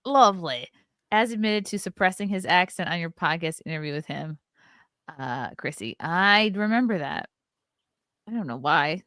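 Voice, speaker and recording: A woman's voice: fairly low pitch, expressive, moderate pace, fairly bright tone, no echo. Laughing woman host reading chat. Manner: laughs often, reads donations aloud. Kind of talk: casual chat.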